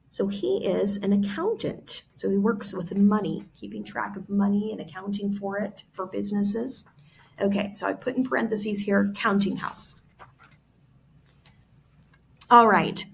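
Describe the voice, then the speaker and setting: A woman's voice: medium pitch, gravelly, a little hiss or hum. Teacher, woman, walks class through a novel, explains words, talks to students. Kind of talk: classroom read-aloud lesson.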